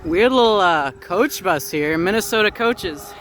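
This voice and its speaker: A man's voice: sits high, expressive, unhurried, a bit bright, slight background noise. Rambling man narrating a bike ride. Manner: rambling, wry asides, frequent "uh". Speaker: transit vlogger. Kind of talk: casual narration while cycling. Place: outdoors, on a bike through town streets.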